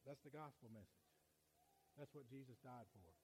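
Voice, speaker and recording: A man, preaching a sermon in a folksy way that swings from quiet to loud. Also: mid-range voice, normal speed, a little hiss or hum, poor audio.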